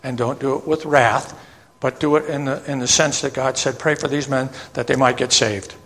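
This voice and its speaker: A man preaches from the pulpit of a church sanctuary, his voice carrying a long hall reverb. He reads scripture verses slowly and breaks off into plain, homely explanations. His pitch sits in an ordinary middle range. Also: steady tone, fairly bright tone. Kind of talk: sermon with scripture reading.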